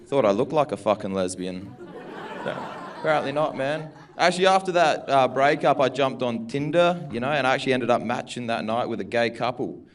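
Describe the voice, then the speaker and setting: A man's voice: mid-range voice, fairly quick, some chatter behind, a little hiss or hum. A young man doing a stand-up set in a comedy club, laid-back and mumbly, swearing often.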